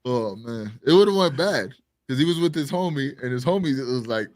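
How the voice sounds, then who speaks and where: Man, casual storytelling, animated, cursing, dry close sound. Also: mid-range voice, a little fast, no room sound. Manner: animated, swears a lot, acts out quotes loudly. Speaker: podcast co-host.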